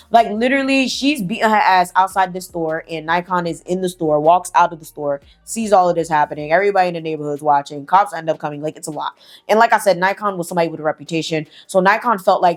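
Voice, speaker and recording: A woman's voice: fairly low pitch, brisk, faint music behind. A woman telling a story in a casual, slangy, chatty way, swearing freely. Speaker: storyteller host.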